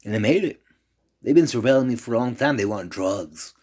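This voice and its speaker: A man's voice: mid-range voice, animated, a little fast, darkish tone. A man rambling in a loose, profane monologue, jumping from one complaint to the next.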